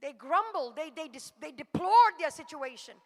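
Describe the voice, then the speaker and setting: A woman's voice: sits high, lively intonation, normal speed, long reverb tail. A woman preacher delivering a fervent sermon to a congregation. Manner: fervent, rising to exhortation.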